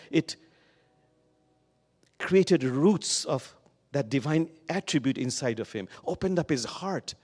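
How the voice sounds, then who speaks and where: A man giving a sermon full of stories, lingering slowly on the words he wants to stress. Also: a little high. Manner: slow, lingering emphasis on key words. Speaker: guest speaker at a Sunday service. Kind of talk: sermon with storytelling. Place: church sanctuary. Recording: long reverb of a large hall.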